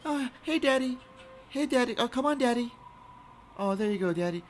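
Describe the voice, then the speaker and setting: A man's voice: very high voice, lively intonation, moderate pace, slight background noise, voice pushed up. A man putting on the voice of a young mother cooing at her baby in sing-song baby talk.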